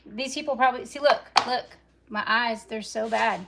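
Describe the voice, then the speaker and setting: A woman chats away to her viewers during a live cook-along in her home kitchen, rambling from one aside to the next. Her voice has a gravelly, fry-edged texture. Loud chopping and kitchen clatter run under her talk. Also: on the high side, normal speed, background noise. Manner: rambling, chatty, talks straight to viewers. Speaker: cooking vlogger. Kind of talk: casual live cooking chat.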